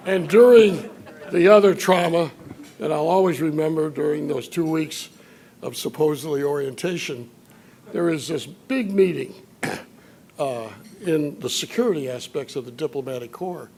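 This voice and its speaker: Older guy giving a dinner speech, dry jokes, slightly high voice, faint hum behind. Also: gravelly, darkish tone. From Chicago. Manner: storytelling, dry humor, occasional filler pauses. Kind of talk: after-dinner speech with anecdotes. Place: banquet hall at a dinner event.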